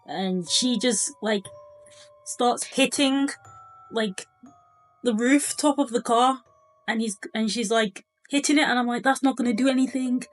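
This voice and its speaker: A woman's voice: a little high, takes it slowly, long pauses, soft background music, rough recording. A young woman giving a casual movie review, chatty and incredulous, full of filler words.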